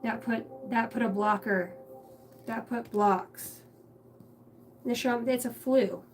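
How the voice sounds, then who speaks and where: A woman's voice: a little high, slow, distant mic. A woman giving a rambling, searching spiritual reading on a livestream from outdoors on a ranch, swearing casually as she talks. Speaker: spiritual channeler. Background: music, passing pickup trucks.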